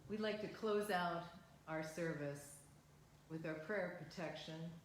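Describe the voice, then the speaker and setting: A woman minister leading a guided visualization and closing prayer at a livestreamed service, speaking slowly, gently and upliftingly. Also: on the low side, heavy reverb, rough recording.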